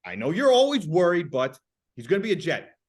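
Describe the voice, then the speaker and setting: A young man talks sports bluntly and with emphasis, swearing freely. His voice swings widely in pitch as he makes his case. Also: huge pitch swings, fairly quick. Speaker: podcast co-host. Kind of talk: casual sports chat.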